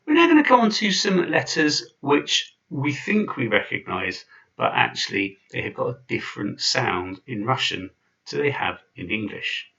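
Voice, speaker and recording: A man's voice: medium pitch, very animated, normal speed, vocal fry, pushed and bright, recorded from a distance, dull audio. A man giving an informal video lesson, chatty and full of fillers and restarts. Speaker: language teacher.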